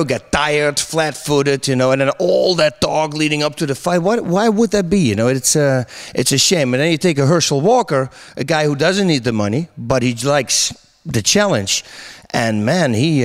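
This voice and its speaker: Animated middle-aged man telling stories. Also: on the high side, normal speed. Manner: animated storyteller, laughs often, many restarts. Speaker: interview guest, MMA commentator. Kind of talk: casual interview chat.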